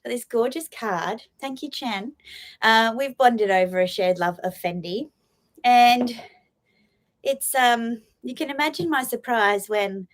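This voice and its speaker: A woman's voice: a little high, unhurried. A woman hosting a casual live stream about her fashion finds, gushing and emotional, with lots of laughs and fillers.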